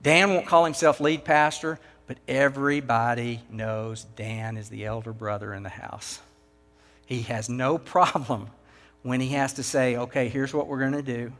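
A man's voice: mid-range voice, steady tone, measured pace, a bit bright. A man with a Texan accent preaching a sermon to church leaders, driving his points home with rhetorical questions. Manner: emphatic, rhetorical questions to the audience. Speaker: pastor. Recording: long hall reverb.

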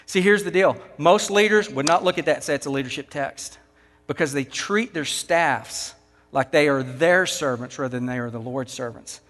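A high-voiced Texan man preaches with emphatic rhetorical questions, his voice ringing through a large hall. The long reverb trails each line. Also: moderate pace, fairly bright tone. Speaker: pastor. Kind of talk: sermon.

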